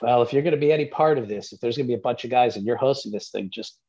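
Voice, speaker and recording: Man, podcast guest, casual rambling chat, mid pitch, muffled lo-fi sound. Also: racing, darkish tone, slightly rough. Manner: easygoing, rambling with many fillers. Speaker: guest actor.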